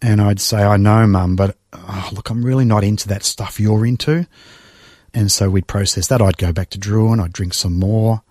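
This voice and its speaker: A middle-aged man tells his own story as an interview guest, his low voice catching with feeling and breaking into sighs and restarts. The sound is dry and close, with no room around it. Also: steady tone, darkish tone, dry recording. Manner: emotional, reflective storytelling with sighs and halting restarts. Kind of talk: personal testimony in conversation.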